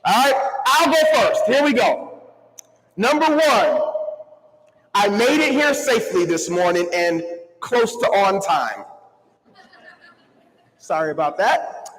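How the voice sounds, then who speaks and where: A man giving an energetic motivational keynote to a live crowd, calling on the audience to answer and move along with him. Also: high voice, takes it slowly, pauses often, a little hiss or hum. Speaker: motivational speaker. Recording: long hall reverb.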